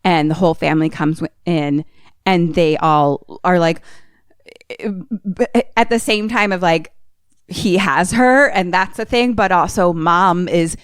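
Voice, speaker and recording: A woman podcast co-host casually retelling a film plot, animated and swearing often. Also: on the low side, a little slow, smooth, no echo, studio quality.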